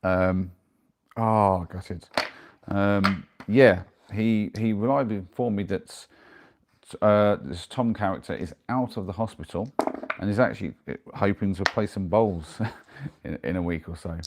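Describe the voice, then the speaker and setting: Male streamer, low voice, easygoing chat answering his viewers, noisy clicky recording. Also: a little slow. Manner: chatty, reads out and answers viewer messages. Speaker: live streamer. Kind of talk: casual live stream chat.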